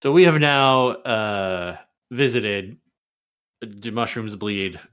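A man's voice: fairly low pitch, slow, a bit bright, smooth. A man hosting a casual podcast, steering the talk and dryly recapping episodes. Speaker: podcast host.

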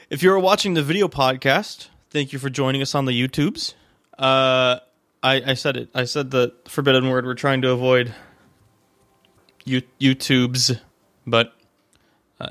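A man's voice: medium pitch, fairly even intonation, normal speed, a bit bright, no echo, clean studio sound. A man hosting a casual podcast over a video call, rambling and joking with plenty of fillers and restarts. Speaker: podcast host. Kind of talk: casual chat. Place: home room, on a video call. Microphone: desk microphone.

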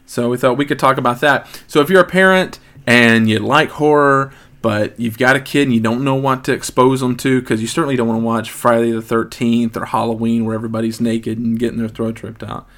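Man in his thirties, podcast host, casual chat, jokey, rambling, middle-pitched voice. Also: fairly even intonation, a little fast, hardly any pauses, fairly bright tone. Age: 30s. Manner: joking, rambling, with frequent ums.

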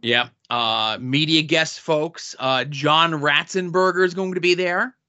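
A man's voice: on the high side, fairly even intonation, measured pace, bright, forceful tone, dull audio. A man co-hosting a casual podcast, reading off convention guest lists with dry asides. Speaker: podcast co-host.

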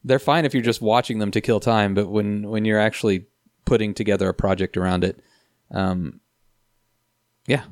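Low-voiced podcast dude, wry jokey delivery, dry close sound. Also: male voice, steady tone, moderate pace, pauses often, no room sound. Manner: wry, joking. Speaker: podcast co-host. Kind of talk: casual chat. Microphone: headset mic.

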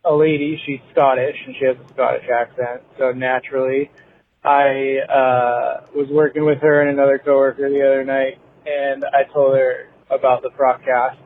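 A man's voice: mid-range voice, level tone, moderate pace. Man rambling on a tinny voicemail. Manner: meandering, with many fillers and restarts. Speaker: voicemail caller. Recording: tinny phone-line voicemail.

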